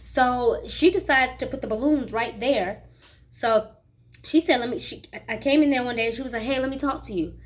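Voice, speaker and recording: A young woman with a fairly high voice tells a personal story for her vlog. She is chatty and animated, and she keeps speaking straight to her viewers. It sounds like a casual recording on a phone or camera mic. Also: moderate pace. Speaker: vlogger.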